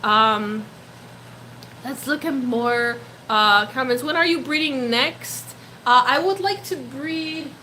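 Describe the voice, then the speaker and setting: A young woman in her twenties chats on a live stream in a high voice that keeps breaking into laughter. Her tone is bright and a little edgy, and her voice is slightly worn. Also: slight background noise. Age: 20s. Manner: gushing, excitable, laughs often. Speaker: pet-keeping live streamer. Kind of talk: casual live stream chat, reading comments.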